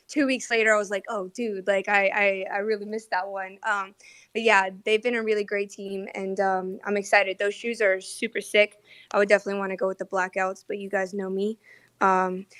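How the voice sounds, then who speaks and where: A woman's voice: medium pitch, fairly bright tone, dry recording. Woman, young adult, host, casual chat, chatty, fillers. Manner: chatty, self-deprecating, lots of fillers.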